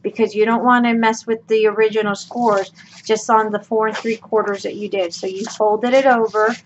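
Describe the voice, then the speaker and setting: A woman's voice: medium pitch, fairly even intonation, normal speed. A woman hosting a craft tutorial, talking casually through each step with her voice worn out, chatty and folksy with lots of ums and okays. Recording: dull lo-fi with clear room noise.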